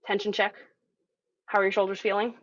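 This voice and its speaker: A young adult woman coaching an online group voice lesson, calm and encouraging as she talks through breathing and resonance exercises. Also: mid-range voice, fairly quick, lo-fi sound. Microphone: video call mic.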